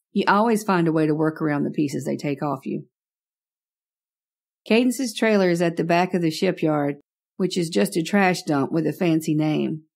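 A woman's voice: fairly low pitch, vocal fry, a little mellow. A woman narrating a first-person horror story in a wry, conversational way.

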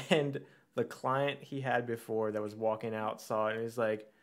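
A man's voice: mid-range voice, moderate pace. A man guesting on a casual podcast chat, telling anecdotes and acting out the other people's lines as he quotes them. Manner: animated anecdote teller, acts out quotes.

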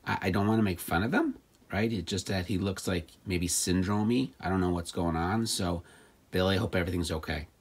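Man, low voice, husky, wry, mock-concerned, comic card commentary. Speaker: card collector and host.

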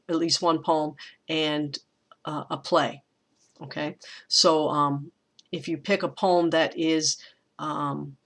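A college English teacher giving an informal recorded lecture on meter, reading lines of verse slowly and pressing on the stressed syllables. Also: medium pitch, a bit bright. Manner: informal, thinks aloud with small restarts.

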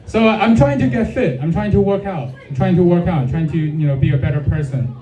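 Crude stand-up comic in an echoey room. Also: male voice, high voice, animated, a little fast, dark tone, highs cut off. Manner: crude, punchline-driven, teasing the crowd. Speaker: stand-up comedian. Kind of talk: stand-up comedy set. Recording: echoey room, mic off at a distance.

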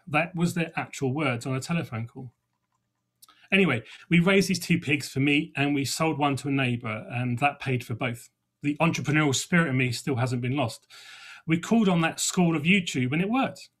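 A man's voice: on the high side, fairly bright tone, husky. An Englishman, middle-aged, telling of his homestead life in a conversational way, with dry humour and small restarts. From England. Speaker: podcast host. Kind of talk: reflective first-person talk.

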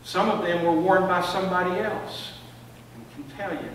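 A man's voice: high voice, moderate pace, background noise. An older man preaching a sermon in a church, telling stories and often repeating words as he builds a point. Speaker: pastor. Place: church sanctuary. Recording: echoey church from far off.

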